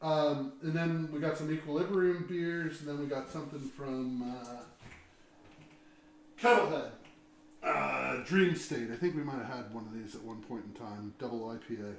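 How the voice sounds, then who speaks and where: A man's voice: mid-range voice, moderate pace. Teasing man hosting a podcast. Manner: teasing, hesitant, restarts sentences. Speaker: podcast host. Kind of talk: casual chat.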